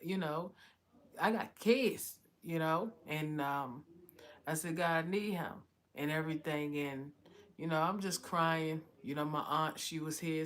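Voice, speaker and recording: A woman's voice: sits low, fairly bright tone. A woman giving a heartfelt personal testimony, often repeating "you know". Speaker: vlogger telling her story.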